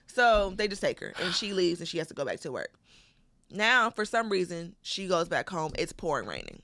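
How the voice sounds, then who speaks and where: A woman's voice: mid-range voice, brisk, no echo, studio quality. A woman co-hosting a comedy podcast, casually retelling a movie plot with lots of cursing and acted-out quotes. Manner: animated, profane storytelling with acted quotes. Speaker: podcast co-host.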